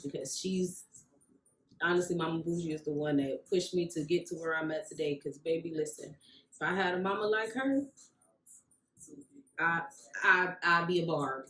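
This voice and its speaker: A woman tells her story in a casual vlog, acting out what each person said along the way. Her voice sits a bit low. The room around her is echoey. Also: moderate pace, long pauses. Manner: animated storyteller, acts out quoted voices. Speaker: vlogger, rug maker.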